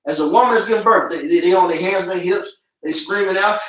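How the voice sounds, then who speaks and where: This street preacher's voice sits high, moves quickly and has a fairly bright tone. He preaches scripture casually, capping lines with "man," in a recording that's echoey and distant.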